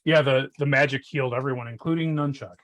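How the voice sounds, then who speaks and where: Man with deadpan sarcastic quips. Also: mid-range voice, fast. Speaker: guest reviewer. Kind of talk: casual comic book review chat.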